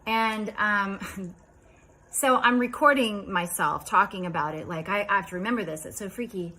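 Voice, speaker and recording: A woman in her fifties casually recounting a strange dream, chatty and rambling, dropping into quiet asides. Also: medium pitch, moderate pace, low-quality recording. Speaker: vlogger.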